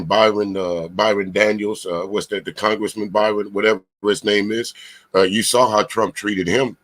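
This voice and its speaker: A man hosting casual commentary, rambling and searching for words in a husky voice. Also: on the low side, fairly bright tone. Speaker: host.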